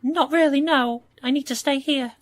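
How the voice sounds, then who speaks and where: A woman's voice: sits high, moderate pace, close to an everyday voice. A woman playing a bossy, short-tempered woman in charge, curt and blunt. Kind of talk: sketch comedy acting.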